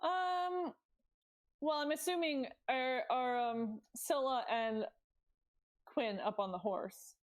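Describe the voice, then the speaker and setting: A woman with a slightly high voice playing a tabletop game. She talks tentatively, working out her choices aloud. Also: slow. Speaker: player. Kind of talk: casual tabletop play.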